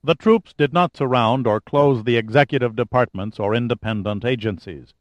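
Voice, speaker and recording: A man giving an audiobook narration in a measured, steady reading style. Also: mid-range voice, no echo, highs cut off.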